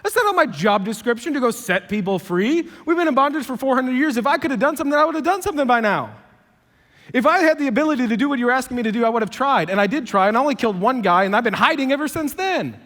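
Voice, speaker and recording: A pastor putting on old Moses, protesting. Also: male voice, extremely high pitch, expressive, fast talker, a bit bright, in a large hall, pitched above the performer's own voice. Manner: folksy, incredulous protest. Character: old man Moses, reluctant and exasperated.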